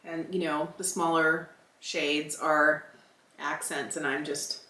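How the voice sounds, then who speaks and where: A woman's voice: low-pitched, flat delivery, slow, pushed and bright. Chatty woman in her fifties, roomy sound. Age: 50s. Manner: candid, thinking aloud, chatty. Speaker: beauty vlogger. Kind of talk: casual product review while applying makeup. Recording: roomy echo.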